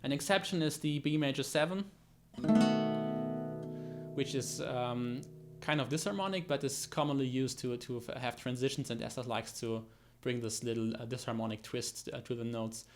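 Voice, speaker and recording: A man with a mid-range voice speaks at normal speed in a guitar tutorial, with loud guitar playing underneath him. As a guitar teacher explaining technique, he often uses fillers, restarts his sentences, and counts beats aloud.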